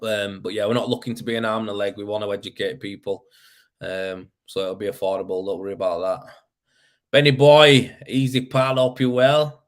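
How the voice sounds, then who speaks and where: Chatty West Yorkshire man, lowish voice. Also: level tone, brisk. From Leeds, West Yorkshire. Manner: rambling, laughs often, says "you know what I mean". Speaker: plastering livestream host. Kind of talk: casual livestream chat reading comments.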